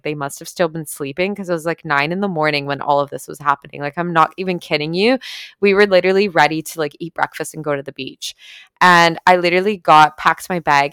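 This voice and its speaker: A young woman telling a personal story in a casual, animated way, full of "like" and "literally" and swearing. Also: lowish voice, clean tone, dry recording.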